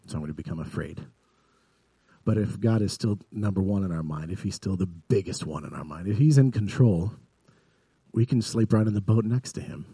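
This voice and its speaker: Male pastor, low husky voice, dry close sound; earnest sermon delivery. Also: no room sound. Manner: earnest, builds to vivid emphasis then drops soft.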